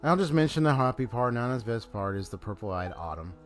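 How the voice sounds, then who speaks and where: A man's voice: medium pitch, big pitch swings, brisk, soft background music, close to an everyday voice. A man reading aloud the lines of a cheerful little girl who hosts a party, in his plain voice and stumbling now and then. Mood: chatty.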